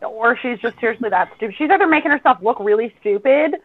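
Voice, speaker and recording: A woman hosting a podcast in casual chat, telling stories in an animated way and jumping up in pitch when she quotes herself. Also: quick pace. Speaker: podcast host. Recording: tinny phone-like line.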